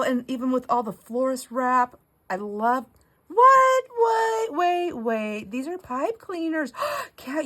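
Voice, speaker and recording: A middle-aged woman chatting casually as a craft vlogger, gushing and rambling with self-corrections, turning squeaky when excited. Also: low-quality recording. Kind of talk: casual chat while opening mail.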